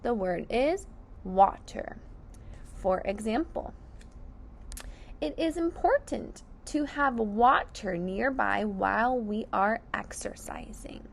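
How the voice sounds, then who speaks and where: A woman teaching phonics to young children, sounding out each word slowly and clearly, syllable by syllable. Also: a little high, expressive, a little hiss or hum. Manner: slow and over-enunciated, sounding out syllables. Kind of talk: slow, deliberate phonics lesson for children.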